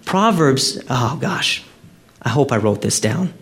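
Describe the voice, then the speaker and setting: A middle-aged pastor giving a sermon in a conversational, teacherly way. His voice sits at an ordinary middle pitch for a man. He tosses out rhetorical questions, checks in with "okay?", and climbs louder and higher at his emphatic points. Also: lively intonation, slow. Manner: frequent restarts and checks like "okay?" and "right?".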